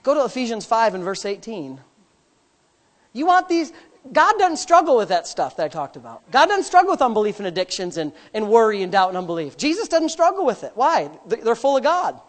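Preaching pastor in a reverberant hall. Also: male voice, high-pitched, huge pitch swings, quick pace, few pauses. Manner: builds to loud preaching peaks, then drops to quiet storytelling; self-mocking, conversational asides. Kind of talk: sermon. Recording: long reverb of a large hall.

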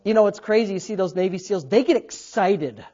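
A man preaching a sermon as pastor, swinging between loud bursts and quiet asides. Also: high-pitched, brisk. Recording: dull lo-fi sound.

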